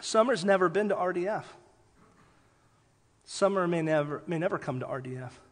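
A man preaching a sermon as pastor, telling lively stories and then dropping quiet for emphasis. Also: high-pitched, moderate pace. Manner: animated storytelling, drops soft for emphasis. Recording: long hall reverb.

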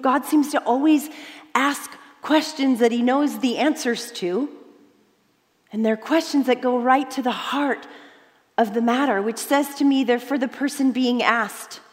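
A woman preaching a sermon, telling the story dramatically, dropping to hushed tones and then rising for emphasis. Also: a little high, big-room sound.

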